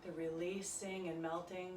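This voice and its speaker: A woman leading a yoga class, giving calm, soft-spoken cues through breathing and stretches. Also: on the low side, moderate pace, noisy background. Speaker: yoga instructor. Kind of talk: guided yoga class instruction. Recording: echoey room, voice from a distance.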